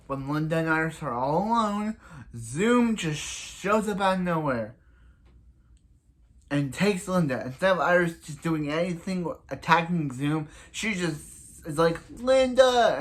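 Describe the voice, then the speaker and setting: A man casually recapping a TV episode, rambling with lots of restarts and acting out characters' lines in quick asides. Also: fairly high pitch, fairly bright tone. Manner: rambling, full of restarts and "so yeah". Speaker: TV episode reviewer.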